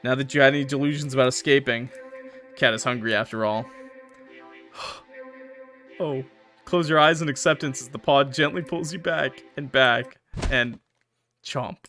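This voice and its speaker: A man's voice: medium pitch, steady tone, normal speed, pauses often, sharp tone, faint music behind. A young man playing a horror game, reading its text aloud with dramatic swings and joking asides. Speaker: gaming YouTuber.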